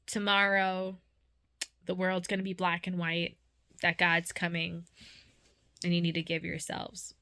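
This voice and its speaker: A woman's voice: fairly low pitch, bright, forceful tone. A woman vlogging about a dream and her faith, talking earnestly and casually with many fillers.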